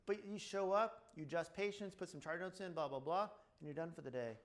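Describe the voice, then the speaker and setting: Talking a little fast, a middle-aged chiropractor with a slightly high voice addresses a seminar room casually, sharing offhand clinic stories. He alternates his own narration with acted-out quotes and keeps dropping "blah, blah."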